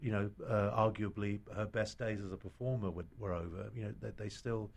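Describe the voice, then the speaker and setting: A man's voice: lowish voice, steady tone, a little fast. A middle-aged British man, an actor guest, telling stories in casual chat with many restarts and fillers. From Britain.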